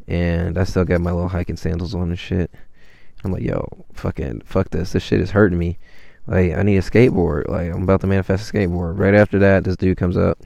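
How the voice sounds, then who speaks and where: Low raspy young dude rambling about his trip, slangy and swearing, dry close sound. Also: a little mellow, dry recording. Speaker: traveler telling his story. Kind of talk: casual storytelling.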